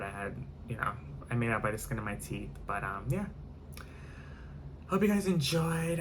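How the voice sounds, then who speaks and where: A man's voice: medium pitch, a little hiss or hum. A man telling a storytime vlog in a rambling way, full of fillers and repetition, with casual swearing. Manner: rambling, filler-heavy, repeats himself, swears. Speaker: vlogger.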